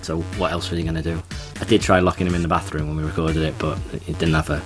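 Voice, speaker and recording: Podcast co-host, male, very low voice, chatty, jokey asides. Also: level tone, over music. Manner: chatty, quick asides, laughs at own jokes. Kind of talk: casual podcast chat.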